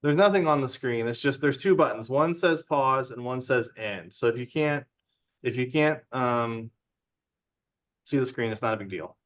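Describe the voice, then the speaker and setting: A man with a mid-range voice gives a relaxed tech presentation over a video call. He talks in a loose, conversational way and often checks in with the people listening. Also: medium pitch, normal speed. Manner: relaxed and chatty, checks in with the audience. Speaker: presenter at a user group meeting. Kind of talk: casual tech talk. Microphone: video call from home.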